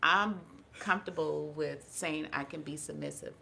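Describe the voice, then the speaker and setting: Low gravelly woman telling stories. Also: normal speed, sharp tone, slight background noise. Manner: earnest storyteller, acts out quoted voices. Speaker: podcast guest, holistic health practitioner. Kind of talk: casual podcast conversation.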